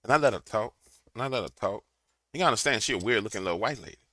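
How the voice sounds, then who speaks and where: A man's voice: lowish voice, expressive, rapid-fire, pushed and bright, no echo. A man giving a preachy political commentary to a camera, telling a fiery story. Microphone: camera mic.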